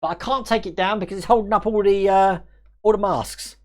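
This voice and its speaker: Live stream host, male, mixed Australian-English accent, fairly high voice, chatty and quick, laughs a lot. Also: fairly even intonation. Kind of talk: casual live stream chat, reading viewer comments.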